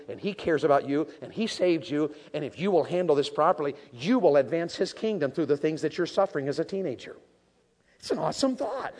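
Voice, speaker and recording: High-voiced preacher swinging to shouts. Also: male voice. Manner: swings from hushed to shouting, repeats words. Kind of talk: sermon.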